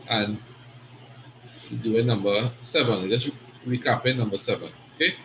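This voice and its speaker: Male Arabic teacher, patient explainer, mid-pitched voice, echoey room with faint background noise. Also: unhurried, a bit bright. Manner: patient, explanatory, frequent "right?" checks. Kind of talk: online class lesson.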